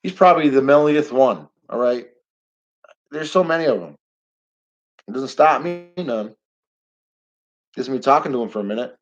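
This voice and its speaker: A middle-aged man talks off the cuff on a live stream, blunt and rambling, quick to get heated and let a curse slip. His voice sits at an ordinary middle pitch. The sound is dull and lo-fi, like cheap streaming audio. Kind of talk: casual live-stream monologue.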